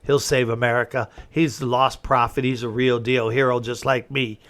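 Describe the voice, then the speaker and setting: A man's voice: mid-range voice, level tone, normal speed, a bit bright. A middle-aged man hosting a talk show, giving a rambling, folksy opinion monologue that flares up when he gets indignant. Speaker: host.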